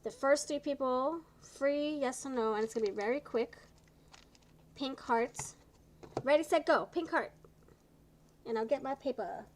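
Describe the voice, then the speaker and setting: A woman with a slightly high voice hosts a live tarot reading, speaking in a chatty, encouraging way. She sounds tired and low on energy, and sometimes stumbles over her words. A faint hiss of noise sits under her voice. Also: a little slow, pauses often, rough recording. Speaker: tarot reader.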